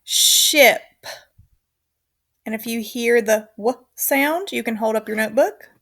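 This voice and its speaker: With a slightly high voice, a woman teacher gives young children a recorded phonics lesson. She talks slowly and clearly, offers encouragement and runs counted call-and-response.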